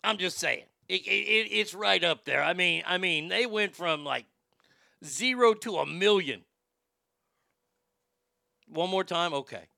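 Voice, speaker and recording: Brash high-voiced male host. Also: animated, measured pace, vocal fry, pauses often, bright, forceful tone, no echo, studio quality. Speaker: show host. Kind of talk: casual commentary reading chat.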